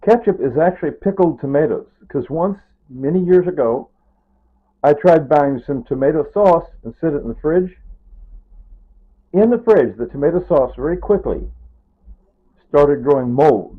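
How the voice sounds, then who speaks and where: A man's voice: fairly high pitch, lively intonation, normal speed, long pauses, husky. An older man rambling through a casual vlog monologue, repeating himself and drifting toward grief. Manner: rambling, repetitive, grieving and near tears. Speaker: vlogger. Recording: tinny phone-like sound.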